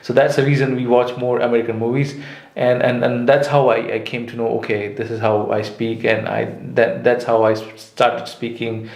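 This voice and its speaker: A man's voice: medium pitch, little pitch movement, moderate pace, a little mellow. A man from India, chatting casually and often restarting his sentences. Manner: hesitant, with frequent restarts and fillers. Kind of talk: casual conversation. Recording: roomy echo.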